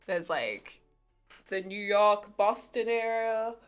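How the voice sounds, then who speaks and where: A woman's voice: mid-range voice, takes it slowly, clear, resonant tone, faint music behind. A woman hosting a live game stream, chatting casually and laughing often. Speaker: streamer host. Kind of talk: casual live-stream chat while gaming.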